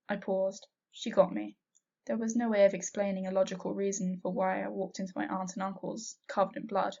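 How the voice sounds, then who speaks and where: Husky woman reading fanfiction aloud. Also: medium pitch, flat delivery, brisk, dark tone. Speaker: fanfiction reader. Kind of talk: first-person story reading. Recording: dull lo-fi recording.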